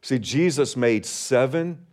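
A man preaching a sermon as pastor, measured and deliberate, slowing down on key phrases and leading the congregation in reading along. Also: medium pitch, darkish tone. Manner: leads congregation in responsive reading.

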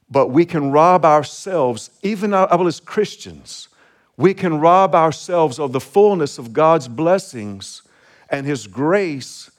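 A man preaching a sermon, his voice sitting a little higher than most men's. He talks in an earnest, repetitive way, with small chuckles between phrases, and keeps building in intensity. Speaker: pastor.

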